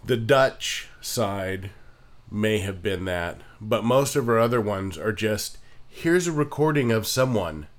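Low-voiced man giving measured advice. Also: expressive. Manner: measured, informative, with fillers. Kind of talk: casual chat about accents and voice acting.

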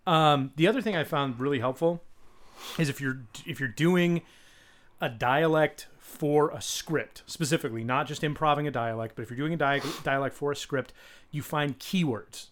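A man's voice: a little high, moderate pace, a bit bright. A man co-hosting a casual chat, jokey and easygoing, often trailing off mid-thought. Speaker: podcast co-host.

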